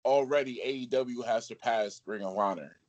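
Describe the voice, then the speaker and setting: A man's voice: mid-range voice, moderate pace, highs cut off, noisy background. A man co-hosting a casual podcast, chiming in with short, laid-back remarks. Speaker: podcast co-host.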